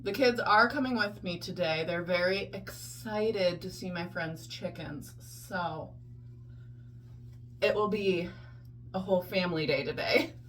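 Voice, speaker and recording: A woman's voice: lowish voice, measured pace, a little hiss or hum. A woman chatting casually in a vlog, chatty and self-deprecating, talking through her day. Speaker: vlogger.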